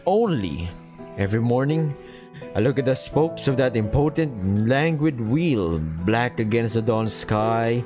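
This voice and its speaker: Animated male let's player reading game narration over soft game music. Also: medium pitch, measured pace, poor audio. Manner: expressive reading, laughs at his own slips. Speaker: visual novel let's player.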